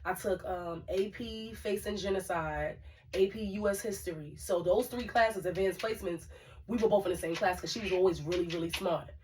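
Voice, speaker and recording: A woman's voice: on the low side, moderate pace, a little mellow, slight background noise. A woman co-hosting a casual talk show, telling stories with lots of fillers and asides to the listeners. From Brooklyn, New York. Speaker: podcast co-host. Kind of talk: casual storytelling chat. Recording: voice a bit far from the mic.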